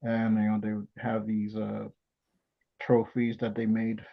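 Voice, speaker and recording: A man hosting a podcast, chatting casually and recounting things in a halting way with many pauses and restarts. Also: lowish voice, monotone, creaky. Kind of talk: casual chat. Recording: dull lo-fi sound.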